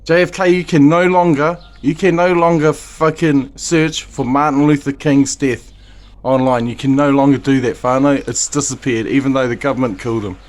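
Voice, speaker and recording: New Zealand dad, mid-pitched, emotional and rambling plea to camera, heavy swearing. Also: male voice, steady tone, normal speed. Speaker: father; video maker. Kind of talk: impassioned direct-to-camera monologue.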